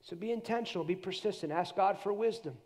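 A middle-aged man preaching a sermon at a church conference, animated, dropping into a hushed voice when he acts out prayers. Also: sits high, fast talker.

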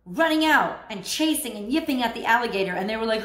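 Animated high-voiced woman reading tarot. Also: fast, roomy sound. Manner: animated, laughs often, acts out voices. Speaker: tarot reader. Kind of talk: casual spoken tarot reading.

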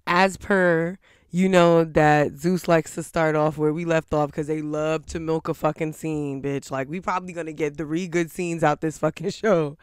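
Man host, reality recap, cussing and cackling, smooth dry close-miked voice. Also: on the high side, moderate pace, no room sound. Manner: profane, laughing, animated rant. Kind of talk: casual commentary on a TV episode.

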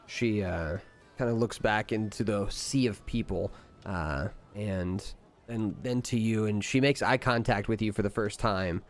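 A man narrating a tabletop game as game master, halting often with "uh" and "kinda". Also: lowish voice, soft background music.

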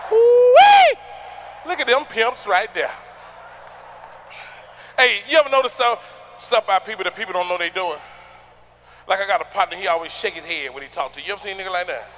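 A man's boisterous stand-up set in a theater has him acting out characters through yells and noises. He speaks in a high register at a fairly quick clip, leaves long pauses, and there's slight background noise.

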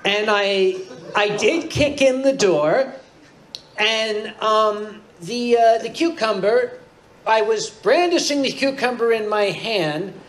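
High-pitched man, hesitant rambling comic storyteller, faint room noise. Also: slow pace, fairly bright tone, poor audio. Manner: rambling, hesitant, self-mocking anecdote. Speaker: comedy panelist. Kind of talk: live convention comedy panel. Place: convention panel room with audience.

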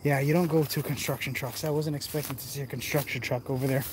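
A man with a mid-range voice and fairly even intonation vlogs as he explores outdoors, talking fast, joking around, and addressing his viewers directly. He films on a handheld phone camera, and the audio carries a little hiss or hum.

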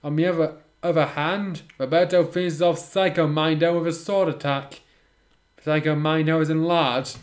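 Speaking with fairly high pitch and mostly even intonation, a man works through a piece of fan fiction at a moderate speed. He breaks in regularly with sarcastic, wry comments mocking the writing.

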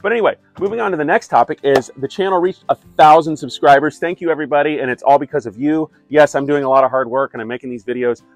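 A middle-aged wastewater plant operator from California, who hosts a YouTube channel, chats casually to camera with lots of fillers and wry asides. He talks fast in a fairly high voice with few pauses, over soft background music.

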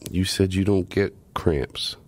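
Very deep-voiced man, crude and teasing. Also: takes it slowly, darkish tone. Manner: crude, teasing, laughs often. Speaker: podcast co-host. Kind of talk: casual chat.

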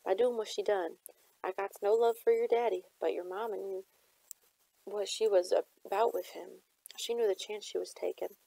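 A guarded, grieving elderly servant woman speaks in short, folksy phrases, as a woman reads her in an audiobook. The voice is warm and husky with some gravel. It sounds dry and close, with no room around it. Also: medium pitch, steady tone, moderate pace, no echo, rough recording. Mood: earnest. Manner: folksy nonstandard grammar, terse. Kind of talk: audiobook character reading.

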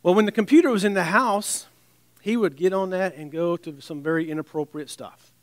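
A man preaching a sermon in a conversational way, with wry asides and restarts, dropping to a soft, low voice on scripture. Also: a little fast, dry recording.

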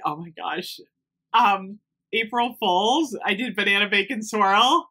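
A woman reviewing scented products in an excited, gushing chat, gasping and saying "oh my gosh" often. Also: medium pitch, unhurried. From United States. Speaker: beauty haul vlogger.

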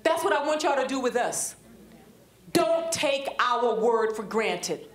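Taking her time, with lively intonation, a middle-aged woman preaches a Bible study in a high voice carrying a Black lilt. Call-and-response with the congregation gives way to fervent preaching, and the church's reverberant room makes her voice ring.

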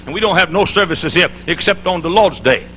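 A man's voice: sits high, brisk, bright, forceful tone, slight background noise, poor audio. A man quoting a courteous country church deacon during a sermon. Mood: polite. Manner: courteous, formal.

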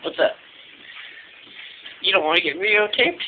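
A man's voice: sits high, normal speed, narrow, tinny audio. A young man casually vlogging at home at night, joking and teasing, on a handheld camera mic. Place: indoors at a relative's home at night. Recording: noisy home video recording.

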